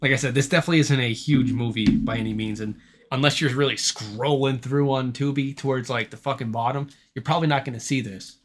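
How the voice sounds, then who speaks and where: A man's voice: medium pitch, fairly even intonation, quick pace. A young man co-hosting a casual horror movie podcast, laid-back, laughing often and swearing freely. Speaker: podcast co-host. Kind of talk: casual chat.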